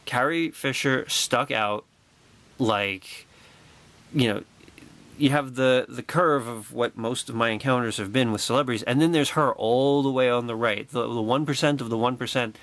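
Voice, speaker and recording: A man vlogging a personal anecdote with excitable, wry storytelling and a sarcastic edge. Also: medium pitch, normal speed.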